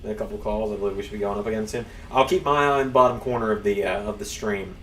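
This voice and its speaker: Recorded off-mic in a roomy setting with faint hum, this man hosts a stream and rambles casually through gameplay commentary. He speaks quickly in a fairly low voice.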